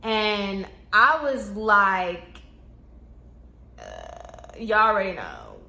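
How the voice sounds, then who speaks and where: A woman's voice: medium pitch, wildly swooping pitch, very slow, vocal fry, sharp tone. A woman telling a casual storytime about a coworker, chatty and full of fillers. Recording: echoey room.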